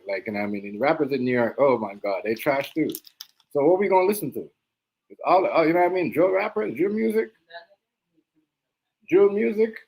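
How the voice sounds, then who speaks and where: A man's voice: medium pitch, poor audio. A man hosting a reaction livestream, ranting in a heated, mocking way and repeating himself. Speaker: livestream host.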